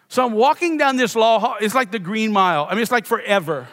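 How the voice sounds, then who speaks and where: A man's voice: very high voice, expressive, fast talker, few pauses, a bit bright. A middle-aged man from Louisiana, a pastor preaching a sermon with a self-deprecating, playful personal story. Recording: long reverb of a church hall.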